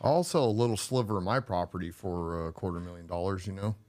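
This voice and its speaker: A man's voice: low voice, fast. A man co-hosting a talk show, telling a story casually and acting out the back-and-forth of a conversation. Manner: animated storytelling, acting out quoted exchanges. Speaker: co-host.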